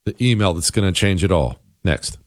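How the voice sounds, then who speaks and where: A man's voice: low voice, expressive, normal speed, very noisy. A man hosting a talk radio show, reading headlines and ads in a sarcastic, emphatic way. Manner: sarcastic, emphatic, jumps between loud and hushed. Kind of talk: talk radio monologue with ad reads. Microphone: studio microphone.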